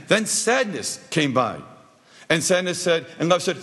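A husky-voiced man teaches a class in a jokey, anecdotal way. He keeps tossing rhetorical questions to his listeners. His pitch sits a little higher than most men's. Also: big pitch swings, measured pace, fairly bright tone. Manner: asks the audience rhetorical questions. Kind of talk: storytelling lesson.

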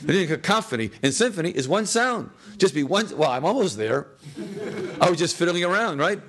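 A man leading a classroom text study in a slightly higher voice. He fires questions at the students and often answers them himself, dropping in little jokes and chuckles as he goes. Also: big pitch swings, quick pace, a bit bright. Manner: jokey, chuckles at his own lines. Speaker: teacher.

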